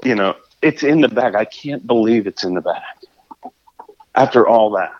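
A man telling a fishing story in a casual, animated way, often restarting his sentences. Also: fairly low pitch, moderate pace, muffled recording. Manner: animated, acts out his own shouts and scrambles with restarts.

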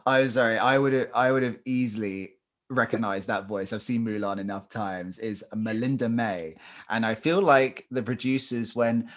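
A man's voice: medium pitch, fairly even intonation, normal speed. A man co-hosting a podcast, chatting casually and joking about a TV show. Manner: jokey, chatty, laughs often. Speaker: podcast co-host. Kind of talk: casual chat.

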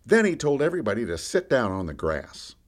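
Speaking fairly quickly at medium pitch, a male podcast storyteller takes on the role of a frank fisherman disciple. He relates his own story as a first-person monologue, his lively voice following the ups and downs of the action.

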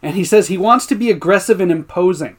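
A man with a high voice co-hosts a casual podcast, retelling scenes with lots of laughter. He slips into the characters' lines with animated delivery. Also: fast. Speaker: podcast co-host. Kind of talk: casual recap chat.

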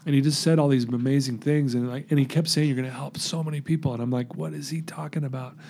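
Male guest, earnest storyteller, dark gravelly tone, voices each person in his tale. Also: mid-range voice, steady tone, fast talker. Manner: recounts events by acting out quoted dialogue; earnest, emotional. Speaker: podcast guest.

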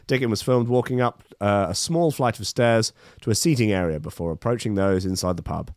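A man's voice: on the low side, brisk, few pauses, no echo, studio quality. A man reading news articles aloud and commenting on them casually, with sardonic, rambling asides.

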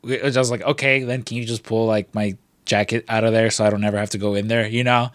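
A man's voice: on the low side, fairly even intonation, quick pace, dry recording. A man telling long stories in casual chat, rambling with many fillers and frequent swearing.

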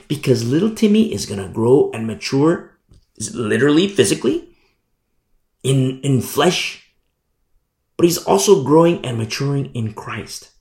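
A man preaching a sermon, animated storytelling that acts out the people in it. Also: mid-range voice, roomy sound. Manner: animated storytelling, acting out voices.

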